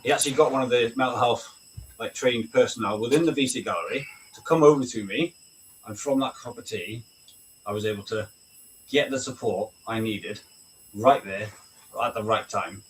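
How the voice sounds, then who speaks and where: At a moderate pace and in a mid-range voice, a British army veteran speaks as a guest in a casual video-call conversation. He's outspoken and candid, swears without restraint, and regularly says "right?" It's recorded on a distant mic with faint noise.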